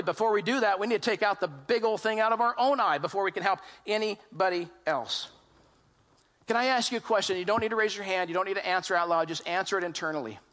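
A man's voice: high-pitched, bright, forceful tone. A man preaching a sermon to a congregation, telling stories animatedly and putting questions to his listeners. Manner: acts out quoted voices in his retelling. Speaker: pastor.

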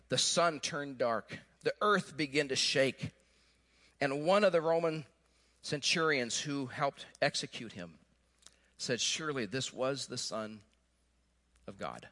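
A male pastor delivering a sermon in a high, bright, ringing voice. He tells the story in an animated way with playful asides, then drops into quiet, earnest reflection.

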